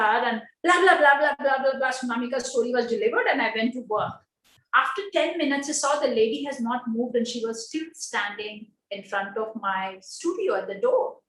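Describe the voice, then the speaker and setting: A woman with a high voice tells a personal story in simple non-native English. She acts out the voices of the people in her anecdotes. The sound is roomy and echoey. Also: a bit bright, a little hiss or hum. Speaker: speaker at an online panel. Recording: echoey room.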